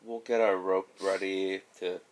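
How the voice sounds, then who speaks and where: Brief: male tabletop player, casual, lowish voice. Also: level tone, a little slow, a little hiss or hum.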